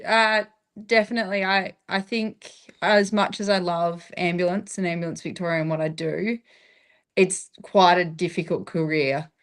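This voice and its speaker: A woman's voice: fairly low pitch, fairly even intonation, moderate pace. An Australian woman in her thirties, a paramedic, talking reflectively in a casual interview and laughing often. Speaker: guest, paramedic.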